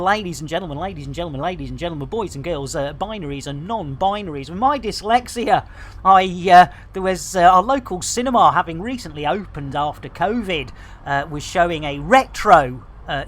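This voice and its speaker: A man with a high, fairly bright voice talks his way through a live game stream. His chat is full of suggestive jokes and fake public announcements.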